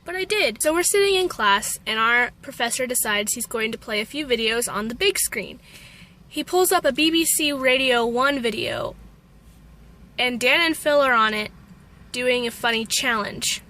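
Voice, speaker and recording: A woman's voice: fairly high pitch, animated, normal speed, sharp tone. A young woman from Texas with an American accent, telling a self-deprecating story in a vlog. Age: young adult. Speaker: vlogger.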